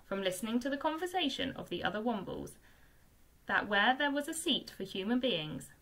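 A woman, a primary school teacher, reading a children's book aloud with expressive storytelling. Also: fairly high pitch, normal speed.

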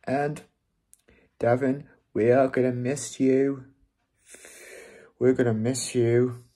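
A male vlogger talking casually to the camera, upset and close to tears, halting and repeating himself. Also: mid-range voice, little pitch movement, dark tone. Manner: repetitive, halting, keeps restating himself. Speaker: fan channel vlogger.

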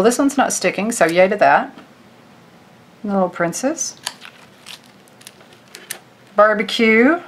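A woman vlogger chatting casually to her viewers as she pages through a craft booklet, gushing over each picture. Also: medium pitch. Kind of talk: casual product walkthrough.

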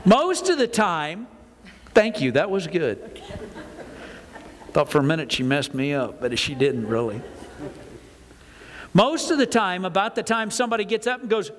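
Older pastor preaching, echoey sanctuary. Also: male voice, high-pitched, normal speed, pauses often. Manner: folksy, animated preaching with acted-out asides. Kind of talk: sermon. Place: church sanctuary. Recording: reverberant church hall.

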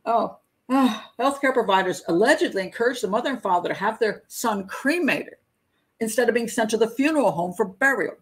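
A woman's voice: a little high, lively intonation, fairly quick, poor audio. A middle-aged woman hosting a crime profiling show, reading a news story aloud with stumbles and her own asides. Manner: breaks into nervous laughter at grim details. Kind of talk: live patron hangout commentary.

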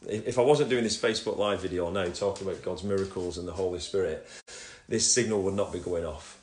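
A man talks through a faith testimony in a low voice, wandering from thought to thought and stopping himself mid-sentence. Between stories he reads passages aloud. The sound is roomy and echoey, as if he is in a bare room at home. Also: quick pace, a little mellow. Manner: rambling, self-interrupting, reads scripture aloud. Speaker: Christian speaker sharing testimony. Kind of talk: casual religious livestream talk.

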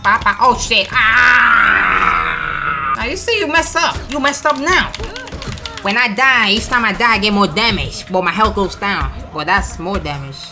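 A woman hosting a gaming channel, giving excitable, slangy, trash-talking let's play commentary and taunting enemies. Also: medium pitch, normal speed. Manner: slangy, swears often. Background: game music.

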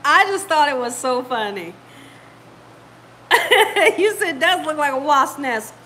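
This woman speaks slowly in a high, sing-song voice with a sharp tone while hosting a casual home cooking video from her kitchen. She chats to viewers like a storyteller, and the low-quality recording carries slight background noise.

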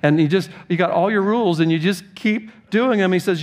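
Male preacher, higher than usual voice, emphatic sermon delivery with storytelling. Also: a little fast, few pauses. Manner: impassioned preaching, rising to high emphatic lines; tells stories and acts out quoted voices. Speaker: pastor.

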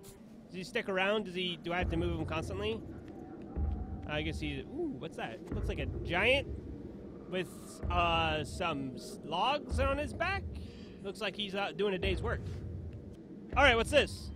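High-voiced playful young man gaming. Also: expressive, a little slow, pauses often, background noise. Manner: playful, giggly, reads game dialogue aloud in put-on voices. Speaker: let's play host. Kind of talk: casual gameplay commentary.

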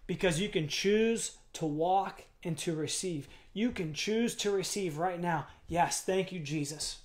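High-voiced man preaching emphatically. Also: a little slow, hardly any pauses. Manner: preaching with rising, emphatic build-ups and rhetorical questions. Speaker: pastor. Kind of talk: sermon.

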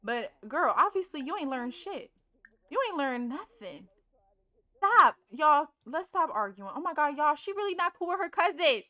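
A young woman doing casual let's play commentary, chatty and animated, scolding the game characters and swearing freely. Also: extremely high pitch, moderate pace. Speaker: gaming streamer.

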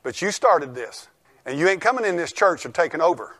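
An older male pastor, preaching a folksy, emphatic sermon that rises to shouts. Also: a little high, expressive, a little fast. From United States.

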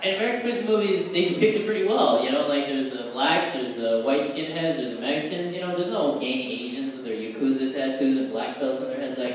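A young man doing stand-up at an open mic in a bar, rambling loosely with lots of fillers and now and then jumping into loud put-on voices. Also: mid-range voice, brisk, few pauses. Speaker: stand-up comic. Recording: echoey bar room, far from the mic, noisy.

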